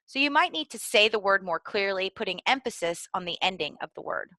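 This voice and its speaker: A woman giving clear, deliberately enunciated instructional narration for preschool teachers. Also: medium pitch, animated, pushed and bright, no echo. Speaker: early literacy trainer.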